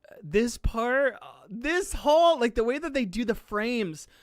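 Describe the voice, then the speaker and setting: A smooth, resonant streamer talks in a casual live-stream chat, getting excitable and gushing, near tears with emotion. The voice dips into low mumbles and jumps to high squeals. The sound is dry and close, with no room echo. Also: unhurried. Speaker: streamer reacting to an anime.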